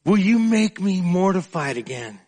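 A male preacher with a notably high voice delivers a heartfelt sermon at an unhurried pace. He speaks in an emotional, confessional way and often slips into stretched-out spoken prayer. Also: darkish tone. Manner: emotional and confessional, praying aloud in drawn-out phrases.

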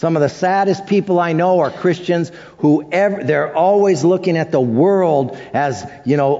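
A man's voice: on the high side, normal speed, few pauses, mellow. A man preaching a sermon, telling stories about his past with self-deprecating humor. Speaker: pastor. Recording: dull sound with long reverb.

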